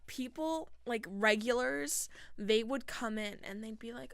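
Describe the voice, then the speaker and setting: A woman chatting casually on a podcast, laughing often and reacting quickly. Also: on the high side, gravelly, fairly bright tone, dry recording. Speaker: podcast co-host. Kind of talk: casual chat.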